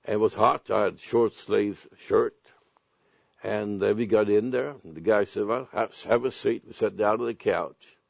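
A man preaching a sermon, telling personal stories and reading scripture slowly and deliberately. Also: fairly low pitch, creaky, no echo. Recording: dull lo-fi sound.

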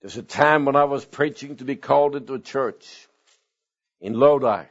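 A middle-aged or older man preaching a sermon as pastor, earnest, with sudden swings in pitch and slow emphatic phrases. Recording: dull lo-fi sound.

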